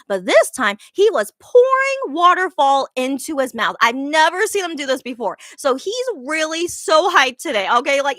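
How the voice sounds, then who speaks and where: A woman's voice: high voice, fairly bright tone, no room sound, clean studio sound. A woman casually recapping a live show she saw, gushing and rambling with lots of fillers and restarts.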